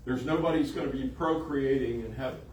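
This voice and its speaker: A man's voice: mid-range voice, a little fast, darkish tone, slight background noise. A man preaching a sermon in an emphatic way, repeating phrases for emphasis. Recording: echoey room, voice from a distance.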